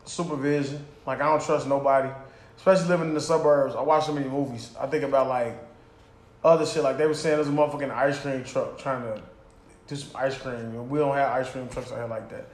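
A man's voice: medium pitch, steady tone, fast talker, echoey room. A man who is a parent, talking bluntly and with profanity in a casual chat. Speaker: podcast co-host, parent.

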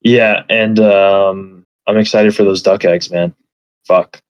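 A man's voice: fairly low pitch, fairly even intonation, slow pace, clear, resonant tone, dry recording. Rambling man, dull lo-fi sound. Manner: rambling, lots of fillers and swearing. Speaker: podcast guest. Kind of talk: casual chat.

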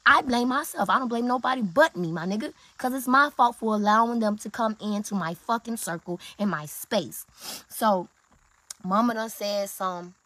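A woman's voice: fairly high pitch, moderate pace, pushed and bright, dry recording. A young woman telling her viewers a story in a casual, blunt and profane way, with lots of emphasis.

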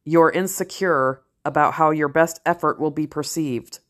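Blunt low-voiced middle-aged woman. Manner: blunt and candid, swears freely; slows down to stress key phrases. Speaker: vlogger, parent and ER worker. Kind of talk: casual talking-head commentary.

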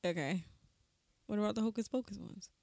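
A young woman co-hosting a podcast in casual chat, playful and quick to laugh. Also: mid-range voice, vocal fry, warm tone, no room sound. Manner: playful, giggly. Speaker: podcast co-host.

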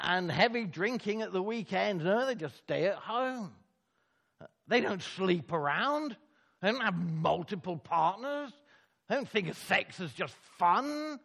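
A man preaching a sermon, emphatic, with dramatic pauses and words repeated for effect. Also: sits high, vocal fry, a bit bright.

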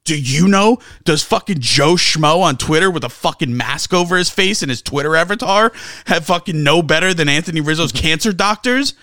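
Male sports-talk co-host, high voice, dry close mic, angry profane ranter. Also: animated, moderate pace, sharp tone, dry recording. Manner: profane, ranting, sarcastic. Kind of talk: heated sports talk rant.

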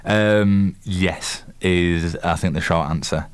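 Yorkshire man, young, co-host; deep smooth voice, rambles with fillers through sports talk. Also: fairly even intonation. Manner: halting, lots of fillers and restarts. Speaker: co-host and quiz master. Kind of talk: casual sports chat.

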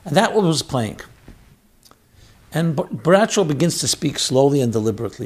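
A man giving a sermon, swinging between loud exhortation and quiet storytelling. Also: fairly high pitch, sing-song, moderate pace.

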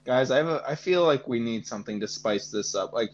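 A man's voice: medium pitch, animated, brisk, lo-fi sound. A young man co-hosting a podcast in casual chat, laughing often and rambling. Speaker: podcast co-host.

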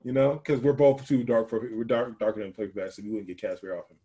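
A man co-hosting a casual podcast chat, animated, often restarting his sentences and talking over his partner. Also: mid-range voice, quick pace, highs cut off. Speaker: podcast co-host.

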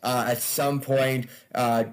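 A man's voice: mid-range voice, level tone, takes it slowly. A man, a stand-up comedian, chatting casually as a podcast guest, loose and laughing, with frequent swearing.

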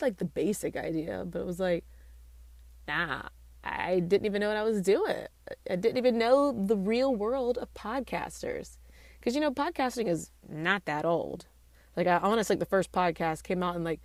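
A woman in her late twenties hosting a casual solo podcast, chatty and playful, joking at herself with quick asides, recorded in a small home studio room. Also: mid-range voice, animated, no echo. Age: late 20s. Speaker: podcast host.

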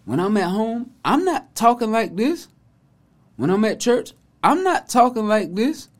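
Man playing a fired-up comedian: high, animated, emphatic. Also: a little slow. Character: famous male comedian explaining his stage persona.

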